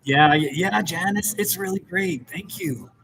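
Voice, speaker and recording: A man's voice: high voice, unhurried, fairly bright tone, a little hiss or hum, low-quality recording. A middle-aged American man chatting casually on a livestream as a therapist, rambling and restarting his sentences. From United States. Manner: rambling, chatty, with self-interrupting restarts and laughs. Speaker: therapist hosting a live stream. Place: home in a small rural mountain town.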